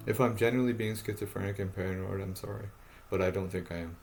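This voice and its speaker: Agitated, swearing man over loud guitar. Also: low voice, little pitch movement, quick pace, gravelly. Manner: agitated, profane, repetitive. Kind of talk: rambling self-recorded monologue.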